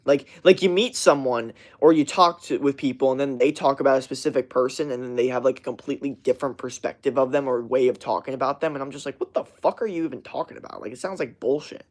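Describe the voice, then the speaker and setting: A man's voice: mid-range voice, fairly even intonation, quick pace, few pauses, a little mellow. A young man streaming a casual rant to his chat, swearing constantly and rambling with many fillers and restarts.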